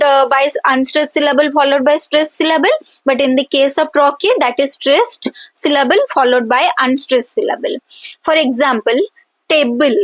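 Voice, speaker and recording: A high-pitched woman teaches a lesson at a slow, careful pace. She repeats example words and stretches them out, with frequent hesitant fillers. The recording is dry and close. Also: fairly bright tone, no room sound, low-quality recording. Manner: drawn-out pronunciation of example words. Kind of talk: explanatory lesson.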